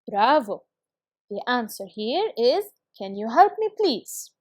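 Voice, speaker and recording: High-voiced woman teaching an English lesson. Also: very animated, slow pace, no room sound, clean studio sound. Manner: clear, encouraging classroom delivery. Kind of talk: recorded video lesson.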